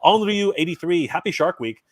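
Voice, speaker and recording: Lively, animated man hosting a live stream. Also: sits high, brisk, no room sound. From Canada. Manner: upbeat, animated shout-outs to viewers. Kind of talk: casual live-stream chat, reading viewer comments.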